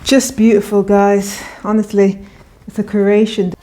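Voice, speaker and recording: Her voice is medium in pitch and dark, her delivery flat and unhurried. She's a vlogger chatting casually and enthusiastically during a clothing try-on haul, with frequent restarts.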